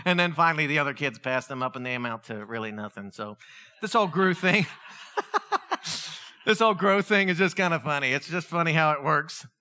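A man preaching a conversational sermon, acting out quotes in an animated way. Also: on the high side. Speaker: pastor.

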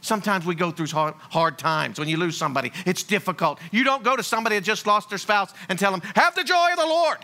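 A man preaching a sermon in a lively, blunt, joking way. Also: high voice, fast talker, few pauses. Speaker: pastor.

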